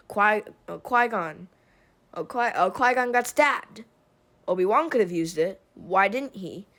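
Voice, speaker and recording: Woman, casual film rant; sarcastic, rambling, exasperated; unhurried delivery. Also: medium pitch. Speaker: video essayist.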